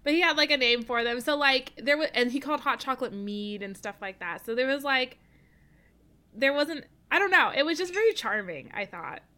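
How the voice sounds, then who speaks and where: A woman's voice: high voice, animated, fairly quick, sharp tone. A young woman co-hosting a podcast in casual chat, chatty and giggly, sometimes trailing off. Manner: chatty, giggly, trails off while searching for words. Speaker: podcast co-host.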